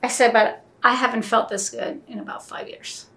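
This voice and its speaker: A woman's voice: a little high, level tone, moderate pace, pushed and bright. A woman telling a personal story in a casual interview, acting out both sides of the conversations she recalls.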